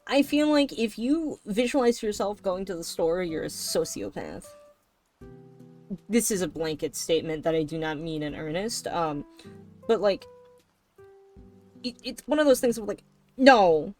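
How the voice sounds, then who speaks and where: A woman's voice: medium pitch, animated, unhurried, pauses often, darkish tone. A woman streamer chatting casually and rambling while she draws, swearing now and then. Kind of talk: casual chat while drawing. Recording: faint background music.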